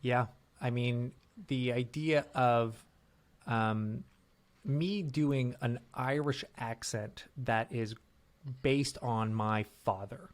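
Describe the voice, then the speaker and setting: A man's voice: medium pitch, slow pace. Man co-hosting an improv podcast. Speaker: podcast co-host, improv performer. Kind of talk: casual podcast discussion.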